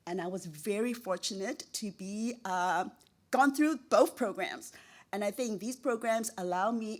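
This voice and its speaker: A woman's voice: fairly high pitch, fairly bright tone. A middle-aged woman giving an emotional acceptance speech as an award-winning professor, effusive and repeating words for emphasis, laughing at herself.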